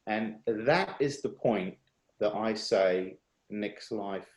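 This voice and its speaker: Earnest man, roomy echo. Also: fairly low pitch. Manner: earnest, confessional, halting with restarts. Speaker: speaker at a worship workshop. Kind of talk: personal testimony. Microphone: video call.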